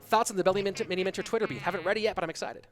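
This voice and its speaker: A man with a high-pitched voice calls a game tournament live on stream, chatting with his viewers between plays. Music runs clearly underneath him the whole time. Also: fairly even intonation, racing. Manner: chatty, talks straight to his chat.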